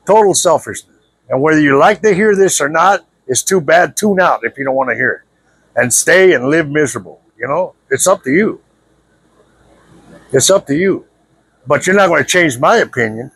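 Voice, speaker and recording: A man's voice: fairly high pitch, fairly bright tone, husky, no echo. A man giving a blunt, confrontational spiritual monologue to his viewers, repeating himself and leaning on "you know". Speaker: spiritual video speaker. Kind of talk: preachy spiritual monologue to camera.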